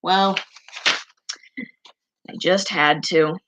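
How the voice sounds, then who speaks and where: A woman's voice: lowish voice, measured pace, noisy background. A woman streamer chatting casually as she shows her drawings, rambling and gushing over cute things. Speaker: streamer showing her artwork.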